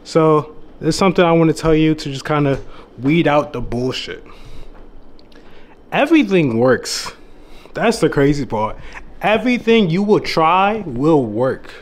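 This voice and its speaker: A young man giving a casual, earnest motivational talk to his viewers, swearing freely and calling the listener bro, at times getting emotional. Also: fairly high pitch. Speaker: dating and self-improvement YouTuber. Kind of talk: motivational monologue to camera.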